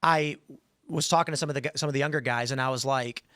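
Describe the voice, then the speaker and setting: A man hosting a podcast, telling stories in an animated way and acting out the voices in them. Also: mid-range voice, fast, no echo, clean studio sound. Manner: animated storyteller, acts out quoted voices. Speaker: podcast host. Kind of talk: casual talk-show chat.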